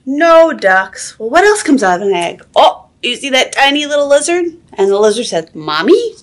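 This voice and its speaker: A woman's voice: fairly high pitch, very animated, fairly quick. A woman librarian reading a picture book aloud at a toddler story time, sing-song and asking the children questions.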